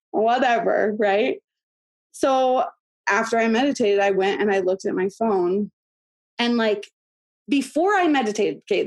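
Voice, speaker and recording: A woman in her thirties, an interview guest, telling a personal story in a chatty, animated way with many fillers and laughs. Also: mid-range voice. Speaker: podcast guest.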